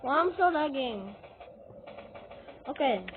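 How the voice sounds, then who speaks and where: Excitable woman narrating her gameplay, high and unhurried, on a tinny phone-like line with clear hiss. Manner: excitable, shrieks when scared, giggly. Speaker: Roblox player. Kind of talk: gaming commentary while playing. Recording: tinny lo-fi capture with noise.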